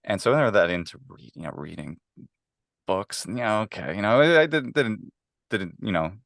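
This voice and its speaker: A man's voice: on the low side, expressive, moderate pace, gravelly, fairly bright tone, dry recording, studio quality. A man being interviewed about Latin, talking eagerly in a casual way, with many fillers and restarts. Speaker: guest, Latin teacher.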